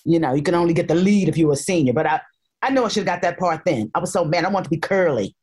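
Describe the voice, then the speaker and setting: A woman from North Carolina, a guest telling lively stories in a casual interview and quoting people in voices. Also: lowish voice, racing, husky. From North Carolina, USA. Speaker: guest actress.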